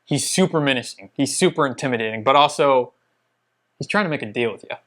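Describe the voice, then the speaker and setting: A man's voice: medium pitch, expressive, fast, fairly bright tone. A young man co-hosting a casual, enthusiastic chat, gushing about what he likes. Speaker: co-host.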